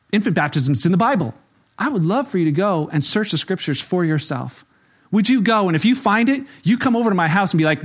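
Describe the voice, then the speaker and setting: A middle-aged man with a noticeably high voice delivers a sermon in a relaxed, conversational way. He tells anecdotes from the pulpit and slips into the voices of the people he quotes. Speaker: pastor.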